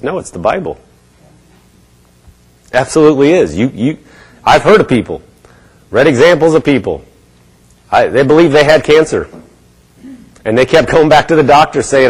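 A man preaching to a congregation, his voice dipping low and muttering when he mimics self-pity, then climbing as he declares what he believes. His pitch sits in an ordinary middle range for a man. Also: animated, normal speed, pauses often, slightly rough, rough recording. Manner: acts out a gloomy mumbling inner voice, then lifts to bold declarations. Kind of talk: sermon.

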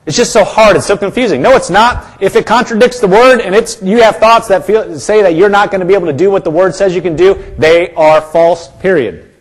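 A man delivers a sermon in a church with a slightly high voice. He presses his points through repetition and has the congregation answer back. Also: fairly quick. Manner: emphatic and repetitive, calls for congregation responses. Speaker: pastor.

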